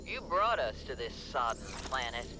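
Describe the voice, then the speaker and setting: A man's voice: medium pitch, very animated, moderate pace, over music, close to an everyday voice. An actor playing a blunt, defiant male crew member who mocks his captain, in a game audio log. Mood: accusing. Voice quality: blunt, mocking.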